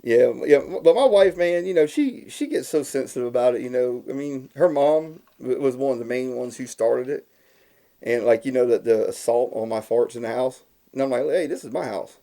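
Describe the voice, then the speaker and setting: A man with a drawl telling stories on a podcast. He rambles, restarts and laughs at his own tales. His voice sits at a middle pitch. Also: moderate pace, warm tone. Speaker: podcast guest. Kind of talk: casual chat, storytelling.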